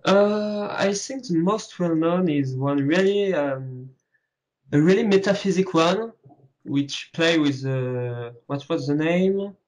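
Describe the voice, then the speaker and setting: A man with a French accent, a French native speaker, answering as an interview guest and pausing to search for English words. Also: a little high, darkish tone, poor audio. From France. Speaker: guest, comic artist.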